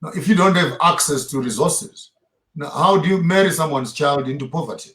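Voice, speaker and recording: A man's voice: a little high, fairly quick, a bit bright. A man giving impassioned, preacher-like answers in an interview, heavy on rhetorical questions. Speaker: guest speaker. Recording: roomy echo.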